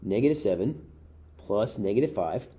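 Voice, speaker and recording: A man walks through a math review problem, thinking aloud as he goes. His voice is mellow and a little breathy, and his pitch moves around a lot as he explains. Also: expressive, normal speed. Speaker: math teacher. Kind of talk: worked-example lesson.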